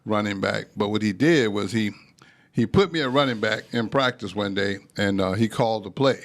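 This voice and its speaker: A gravelly, low-voiced older man spins his anecdotes with energy. He slips into other voices as he acts out the scenes, in an easy conversational style. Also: moderate pace. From Texas. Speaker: podcast guest. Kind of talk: storytelling in casual conversation.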